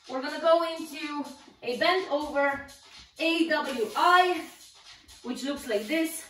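A woman's voice: high voice, lively intonation, unhurried, a bit bright, roomy sound, recorded from a distance, soft background music, low-quality recording. A woman fitness instructor coaching a home workout, encouraging and counting down while exercising along, a little out of breath.

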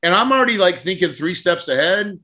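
A man's voice: sits high, expressive, a little fast, bright, forceful tone. A man hosting a podcast interview, telling a story with animation, acting out conversations and laughing often. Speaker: podcast host and real estate mentor.

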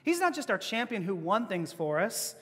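A man's voice: sits high, big pitch swings, normal speed, a bit bright. A man preaching a sermon as pastor, conversational, with rhetorical questions and laughing asides. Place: church hall. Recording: long hall reverb.

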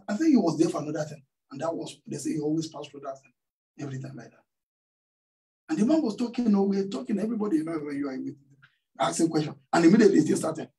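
A pastor preaching in church, his voice fairly high-pitched but mellow and dark in tone. He tells a story and keeps throwing questions out to the congregation, and he sounds set back from the microphone. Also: distant mic, low-quality recording. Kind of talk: sermon. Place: church hall.

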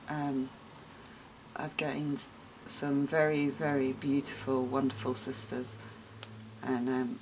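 A woman with a low voice talks slowly and warmly gushes over each gift as she unwraps it at home. She gasps and exclaims often in a casual unboxing chat, with a clear hiss of noise behind her voice. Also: rough recording. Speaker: vlogger opening gifts.

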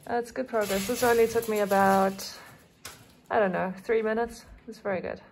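A young woman vlogs outdoors on a rural property, chatting casually as she films, laughing a lot and calling out to her dog. Her voice is mid-range with fairly even intonation and a normal pace. The clip is very noisy, with dogs barking in the background.

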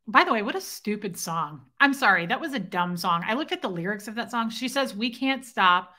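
Hosting a casual livestream, this young woman speaks in a bright, pushed voice of middling pitch. She keeps things playful, reading out comments from viewers and sometimes singing a snippet.

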